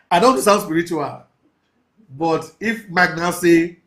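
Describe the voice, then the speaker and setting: A man teaching a mentorship class, talking in a preachy, emphatic way, slowing down to stress key phrases and laughing with his students. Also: on the high side, a bit bright. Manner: laughs often, casual asides to the class. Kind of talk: live class lecture.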